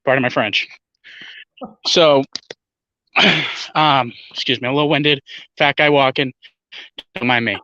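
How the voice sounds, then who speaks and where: A man's voice: mid-range voice, steady tone, unhurried, pauses often, pushed and bright, no echo, highs cut off. A man joining a livestream as a guest, talking emphatically and confidently and swearing freely. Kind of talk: casual chat.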